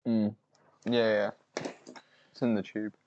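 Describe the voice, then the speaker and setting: A man's voice: on the low side, level tone, slow, darkish tone, dull audio, slight background noise. A man co-hosting a live fight stream, chatting casually and chiming in with short, agreeable replies. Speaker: co-host of a fight watch-along stream.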